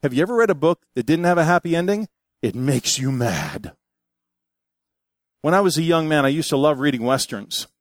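An older man preaching a sermon, telling stories in an animated, folksy way and reading scripture aloud. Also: fairly high pitch, normal speed, no room sound, studio quality. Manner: animated storytelling with folksy asides. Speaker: pastor.

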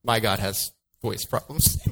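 Male pastor, sermon delivery, lively and humorous, plays the characters. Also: on the low side, creaky, husky, poor audio. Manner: lively, joking, acts out voices of biblical figures.

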